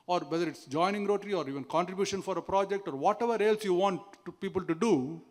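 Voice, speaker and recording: A man's voice: sits high, fast talker, few pauses. Indian man telling stories in an echoing hall. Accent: Indian English. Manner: storytelling, questions the audience, acts out quoted voices. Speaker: seminar speaker. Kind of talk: motivational speech. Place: large seminar hall. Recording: long hall reverb.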